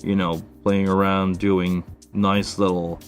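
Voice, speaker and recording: A man talks viewers through his mixing desk on a live stream in a loose, conversational way, pausing often to think and restarting his sentences. His voice sits low. Faint music plays quietly behind him. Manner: relaxed, thinking aloud with fillers and restarts. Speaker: live stream host answering viewer questions. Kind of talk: casual live stream Q&A and gear demo.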